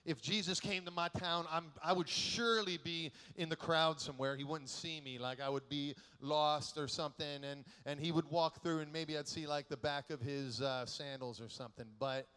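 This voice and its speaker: A male keynote speaker preaching to a youth conference, animated and playful, acting out the people in his stories. His voice sits a bit high, and a long echo from a large hall trails each phrase. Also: normal speed, hardly any pauses, clean tone. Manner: animated, joking storyteller who acts out quotes.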